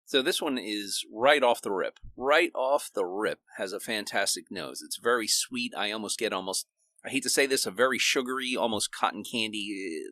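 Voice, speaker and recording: A man's voice: lowish voice, moderate pace, pushed and bright, no echo, studio quality. A man co-hosting a casual bourbon podcast, chatty, with jokey asides and hedged opinions. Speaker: podcast co-host. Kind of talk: casual bourbon tasting chat.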